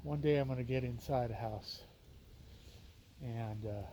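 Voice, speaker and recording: A man's voice: medium pitch, unhurried. A man hosting a casual walking vlog outdoors, telling a story in a rambling way and often correcting himself. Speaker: vlog host. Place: outdoors on a windy street. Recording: outdoor street noise with traffic.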